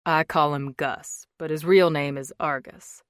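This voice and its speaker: A cocky, sarcastic young man with a teasing, drawn-out way of talking, as a woman narrator puts him on. The voice sits a little low and is close and dry, with no room sound at all. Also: fairly even intonation, smooth, no echo. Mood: wry.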